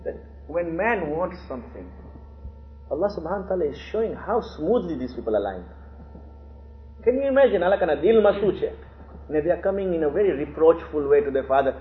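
Male teacher giving a scripture lesson, lively and dramatic with quotes; phone-thin audio. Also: fairly high pitch, fast talker, reverberant. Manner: animated, acts out quotes. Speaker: teacher of Quran commentary. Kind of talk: religious lesson. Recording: tinny phone-like line, faint hiss.

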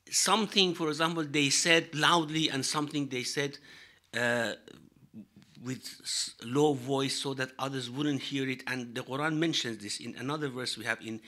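A man explaining scripture in a lecture, measured and halting, with frequent fillers and pauses. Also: mid-range voice, bright, forceful tone. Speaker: religious teacher.

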